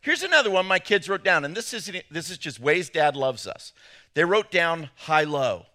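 A middle-aged man preaching a humorous sermon, animated and jokey, acting out little voices. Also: a little high, normal speed. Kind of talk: humorous sermon to a men's gathering.

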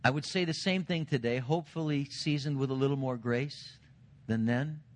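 A middle-aged senior pastor preaching a sermon, earnest, building to emphatic points and dropping quiet for stress. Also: male voice, normal speed. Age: 40s or older. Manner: earnest preaching, rising to emphatic lines then dropping low.

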